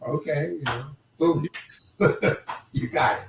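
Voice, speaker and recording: An older male actor telling a career story in an interview, halting and rambling, often repeating words and chuckling. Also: a little high, vocal fry, slight background noise. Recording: roomy echo, mic set far away.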